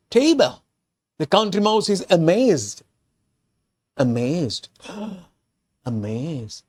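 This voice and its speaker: A man from Sri Lanka, a Sinhala speaker, teaches spoken through a story. His voice sits slightly high. He drills vocabulary with patient repetition and frequent restarts. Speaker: English teacher. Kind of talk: reading a story and explaining vocabulary.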